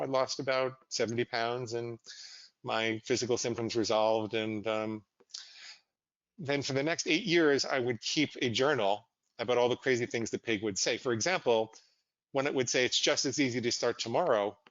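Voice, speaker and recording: A man, a psychologist guest on an interview, telling his story in a candid, animated and self-deprecating way. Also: mid-range voice, no echo, dull audio.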